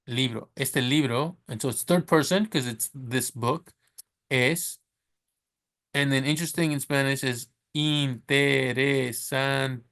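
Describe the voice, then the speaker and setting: A man teaching Spanish in a casual way, chatty and correcting himself, who slows down to sound out each Spanish word. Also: medium pitch, fairly bright tone. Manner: chatty, self-correcting, laughs at his slips. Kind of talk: casual screen-share lesson.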